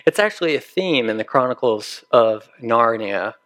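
A male pastor giving a sermon, telling a story with deliberate, dramatic pauses. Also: medium pitch, animated, a bit bright.

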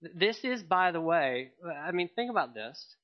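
A man's voice: fairly high pitch, sing-song, moderate pace, dull audio. A man preaching a sermon in an earnest way, often repeating and restarting phrases. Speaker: pastor.

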